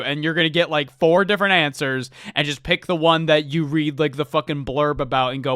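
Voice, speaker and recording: A man's voice: on the high side, normal speed, few pauses, fairly bright tone, clean tone, dry recording, clean studio sound. A man co-hosting a casual book club podcast, ranting with lots of swearing and laughter. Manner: ranting, profane, laughing often. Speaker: podcast co-host.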